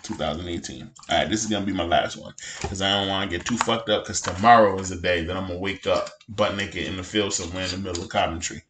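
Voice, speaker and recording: A man's voice: low voice, steady tone, quick pace, fairly bright tone, echoey room, slight background noise. A man in his thirties co-hosting a podcast in casual chat, blunt and laid-back, swearing freely. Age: 30s. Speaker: podcast co-host.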